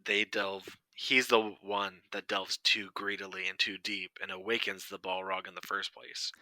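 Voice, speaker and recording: A man co-hosting a casual podcast who talks in a relaxed, agreeable way with short replies. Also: low voice, normal speed, no echo. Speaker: podcast co-host. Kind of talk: casual chat.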